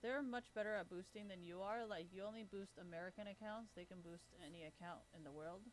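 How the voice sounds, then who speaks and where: A woman's voice: mid-range voice, fairly quick, slight background noise, poor audio. A young woman streaming a game, talking casually in a blunt, heavily profane, complaining way. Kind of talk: casual live-stream chat while gaming.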